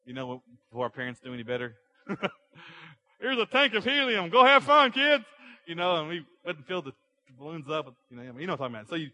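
A man's voice: medium pitch, fairly bright tone. A man preaching a sermon to a congregation, building energy with rhetorical questions. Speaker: pastor. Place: church sanctuary.

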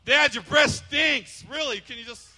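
A man voicing a blunt little child who talks loudly and tactlessly to his dad, in a reverberant hall. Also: very high voice, unhurried, pitched above the performer's own voice, full character voice. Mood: whiny. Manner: loud, tactless and whiny.

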